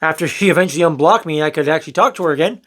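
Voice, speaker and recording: A man's voice: a little high, racing, fairly bright tone. A young man telling a personal story in a candid, rambling way, swearing now and then and acting out what people said. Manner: candid, rambling, swears, acts out quoted lines. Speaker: storyteller vlogger. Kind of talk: casual storytelling to camera.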